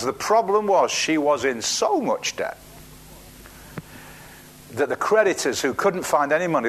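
A man preaching a sermon, telling a Bible story with acted-out quotes and frequent restarts. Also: fairly high pitch. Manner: animated storytelling, acts out quotes, restarts words.

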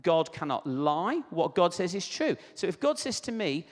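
Preacher, fairly high voice, chatty testimony, echoey church hall. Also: male voice, big pitch swings, a little fast, few pauses. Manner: conversational storytelling with asides. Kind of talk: sermon.

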